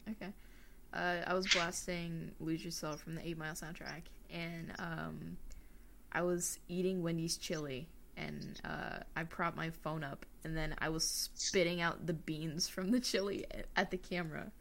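A young woman co-hosting a podcast, telling stories in a giggly, animated way, swearing now and then. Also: low voice, a little slow, gravelly. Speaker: podcast co-host. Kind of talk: casual chat.

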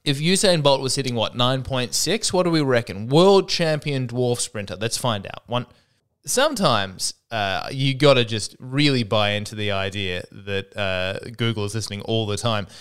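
A man talks alone into his home podcast microphone, wandering from thought to thought with wry asides and many restarts. His voice is smooth and clear at an ordinary middle pitch. He keeps an easy, chatty comic tone. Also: moderate pace, a bit bright. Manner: rambling, self-interrupting, wry asides. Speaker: podcast host. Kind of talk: solo comedic podcast monologue.

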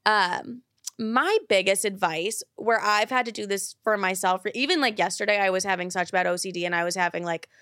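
A woman's voice: mid-range voice, fairly quick, a bit bright, dry recording, clean studio sound. Blunt, swearing young woman host. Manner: blunt, profane, emphatic. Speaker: advice podcast host. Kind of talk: blunt casual advice.

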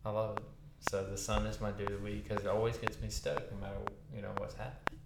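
Young male co-host, low voice, relaxed slangy chat, echoey noisy room. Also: fast, creaky. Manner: laid-back, upbeat slang talker. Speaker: podcast co-host. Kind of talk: casual chat. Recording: echoey room with background noise.

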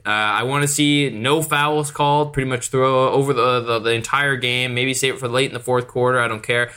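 A man's voice: mid-range voice, steady tone, brisk, pushed and bright, clear, resonant tone. A young man co-hosting a sports podcast, rambling casually with lots of fillers, restarts and swearing. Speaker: podcast co-host.

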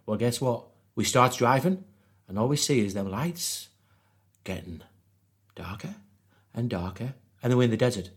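As a podcast guest, a man with a Geordie accent from northeast England shares travel stories in a casual, animated way, laughing frequently and acting out quotes. His medium-pitched voice moves at normal speed, with long pauses.

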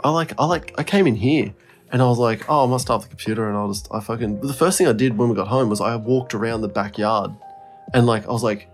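A man's voice: mid-range voice, a little fast, soft background music. A man co-hosting a podcast, telling a story in a rambling, laughing way with a lot of swearing. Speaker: podcast co-host. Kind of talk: casual storytelling chat.

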